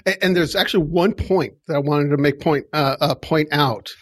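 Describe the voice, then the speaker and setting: A man's voice: fairly high pitch, normal speed. A middle-aged man hosting a casual tech podcast, talking in a rambling, chatty way and often correcting himself mid-sentence. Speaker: podcast host.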